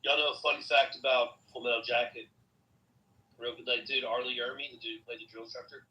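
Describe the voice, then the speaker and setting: A man talks fast in casual chat and fires off curious questions. His voice has a very bright, sharp edge. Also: medium pitch, fairly even intonation, recorded from a distance, lo-fi sound. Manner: quick, curious, asks questions.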